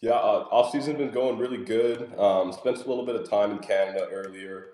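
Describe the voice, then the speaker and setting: A man's voice: lowish voice, steady tone, fairly quick, dark tone, reverberant. A man, a professional baseball player, chatting laid-back as a guest with lots of ums and uhs. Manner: laid-back, many fillers like um and uh. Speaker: guest, pro baseball outfielder. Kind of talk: casual interview.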